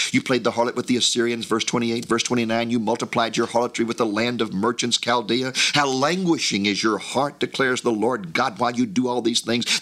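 A man's voice: fairly low pitch, a bit bright, husky. A man preaching a sermon, reading scripture aloud and stressing key words, his voice rising sharply on points of emphasis.

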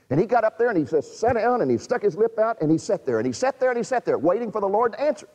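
Brief: emphatic male preacher, high and very animated, dramatic sermon, long reverb. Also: very fast, few pauses, highs cut off. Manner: dramatic, emphatic, rhetorical questions to the audience.

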